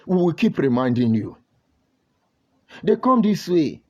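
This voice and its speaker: This impassioned monologue comes from a Nigerian-accented man, a commentator who scolds heatedly and fires off rhetorical questions. He speaks a little slowly, at a fairly high pitch with big swings. It's captured in dull, lo-fi sound.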